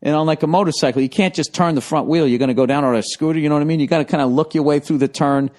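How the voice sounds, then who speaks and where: A man's voice: fairly high pitch, very fast. Man doing profane comic storytelling host. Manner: profane, animated, breaks into laughter. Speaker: podcast host.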